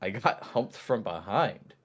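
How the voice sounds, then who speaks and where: A man's voice: lowish voice, animated, a little slow, husky. A man co-hosting a casual podcast, rambling through a story with lots of fillers and restarts. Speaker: podcast co-host.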